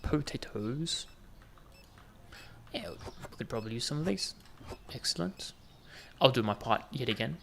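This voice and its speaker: A man's voice: medium pitch, lively intonation, unhurried, vocal fry, long pauses, a bit bright, slight background noise. A man giving casual, jokey commentary while playing a game, bantering with the customers on screen. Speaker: gaming video host.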